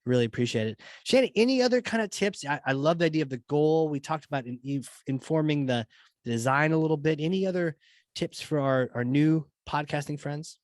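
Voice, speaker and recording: A man's voice: fairly high pitch, fairly quick, darkish tone, no echo. A man hosting a podcast interview, chatting in an easygoing, enthusiastic way. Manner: easygoing, enthusiastic, chuckles often. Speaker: podcast host. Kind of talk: casual interview chat.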